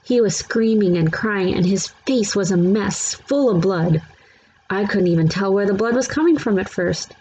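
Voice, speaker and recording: A woman reading a children's chapter book aloud in steady, plain narration. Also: mid-range voice, moderate pace, muffled recording, a little hiss or hum. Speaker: storybook reader.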